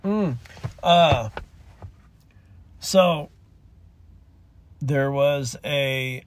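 A man's voice: medium pitch, very slow, no room sound. A man hosting a solo rant, talking in an impassioned, rambling way, swearing and choking up as he goes. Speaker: podcast host.

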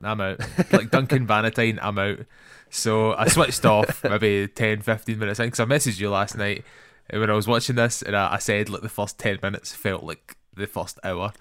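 A Scottish man with a low voice speaks bluntly and with plenty of swearing. He is animated as he gives his opinions in a casual podcast chat, and the sound is dry and close. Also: moderate pace, few pauses, clear, resonant tone, no room sound. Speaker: podcast co-host.

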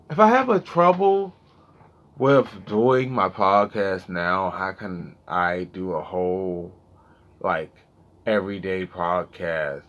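A man in his thirties with a slangy, swearing manner, talking casually and straight to his viewers in a rambling monologue, at times mumbling low and at times getting loud. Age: 30s. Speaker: vlogger. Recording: dull lo-fi sound.

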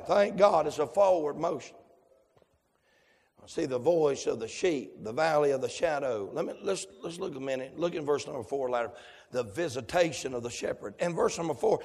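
A male preacher, delivering a fervent sermon that swings from hushed tones to shouts. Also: fairly high pitch, in a large hall.

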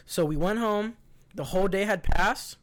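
A man's voice: high-pitched, normal speed, fairly bright tone. A young man telling a long story in casual, rambling talk, swearing constantly and leaning on fillers like "like". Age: young adult. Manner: profane, rambling, lots of fillers.

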